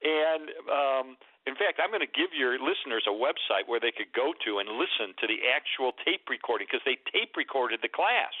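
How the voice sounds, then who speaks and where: Male author guest, lively storyteller, halting with fillers, phoned in, thin and dry. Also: medium pitch, no echo. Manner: animated, many ums and restarts. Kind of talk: storytelling interview on radio. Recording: tinny phone line.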